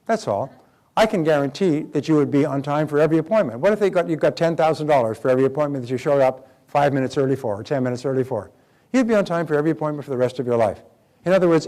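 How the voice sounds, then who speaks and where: A man's voice: a little high, darkish tone. An older man giving a motivational seminar talk, emphatic and repeating key phrases, acting out quoted dialogue as he goes. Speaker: motivational speaker.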